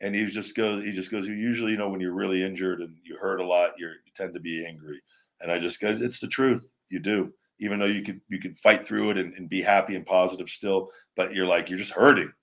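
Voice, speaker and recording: A middle-aged male host talks on a live stream in a rambling, casual way, circling back and restarting mid-sentence. His voice sits a little low. He calls viewers brother and man and teases them with a grin in his words. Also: fairly even intonation, quick pace, a bit bright. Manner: playful teasing. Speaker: show host.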